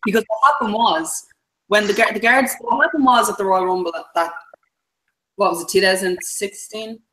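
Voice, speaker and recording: A podcast co-host telling a long story in casual chat, animated and swearing freely. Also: medium pitch, moderate pace, slight background noise, poor audio.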